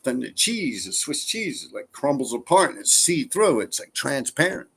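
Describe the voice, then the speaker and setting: A man's voice: mid-range voice, very animated, moderate pace, gravelly, a bit bright, slightly rough. Profane, rambling New guy. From New York. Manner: rambling, profane, laid-back. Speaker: streamer reading viewer comments. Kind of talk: casual live-stream chat.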